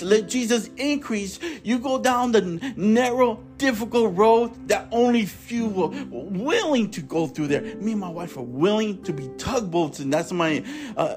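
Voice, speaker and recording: A man hosting his own podcast, preaching in an impassioned monologue, fervent and repetitive, with emphatic, sometimes tearful stresses. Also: high voice. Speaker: podcast host.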